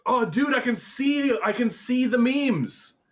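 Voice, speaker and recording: A man hosting a political commentary show, reading an article aloud and reacting to it in an animated, swearing, exasperated way. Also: extremely high pitch, slow. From Canada.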